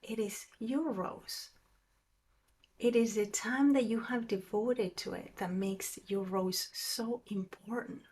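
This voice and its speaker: A woman voicing a gentle, wise male fox in a retold storybook tale, speaking in a soft, earnest way. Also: mid-range voice, steady tone, slow pace, breathy edge, distant mic. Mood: tender.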